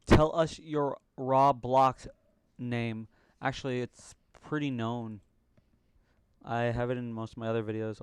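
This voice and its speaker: Young male streamer, casual and self-muttering, smooth clear voice, close dry desk mic. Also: mid-range voice, no echo. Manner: chatty, mutters to himself, jokey broken-English asides. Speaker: livestream host coding. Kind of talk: casual live coding stream.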